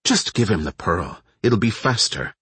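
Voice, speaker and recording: A man voicing a tough woman team leader in an audiobook, speaking in a clipped, sharp and authoritative way. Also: on the low side, sing-song, a little slow, husky, no echo, exaggerated voice. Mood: urgent.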